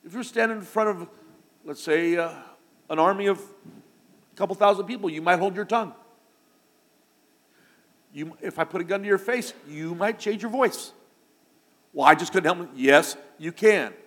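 Emphatic preacher in an echoing hall. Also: male voice, high voice, moderate pace, pauses often. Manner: rising to loud emphatic declarations. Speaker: pastor. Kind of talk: sermon. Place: church sanctuary.

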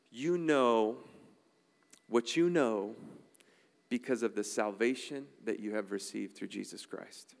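A pastor delivers a sermon in an emphatic, conversational manner, often tossing in "all right?" to check on the congregation. His voice is medium-pitched and clean, trailing a long reverb.

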